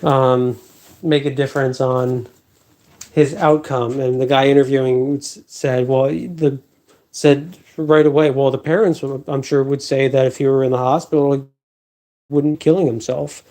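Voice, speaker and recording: A man's voice: mid-range voice, steady tone, normal speed, warm tone. A man hosting a live stream, rambling in a repetitive, emphatic, half-joking rant. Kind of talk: rambling casual monologue.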